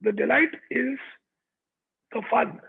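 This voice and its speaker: A man's voice: very high voice, slow pace, vocal fry, breathy edge. A man giving a chatty motivational talk over a video call, checking in with his audience as he goes. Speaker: motivational speaker. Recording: tinny online call audio.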